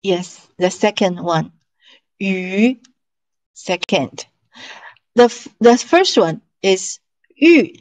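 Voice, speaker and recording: A woman teaching an online language class, slowly and patiently drilling syllables and tones for her students to repeat. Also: medium pitch, rough recording.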